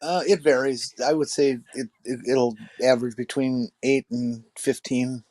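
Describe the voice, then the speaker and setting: A man chatting casually on a podcast, speaking in a halting, hesitant way. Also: medium pitch, steady tone, a little mellow, dry recording. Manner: hesitant, halting, full of fillers. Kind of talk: casual chat.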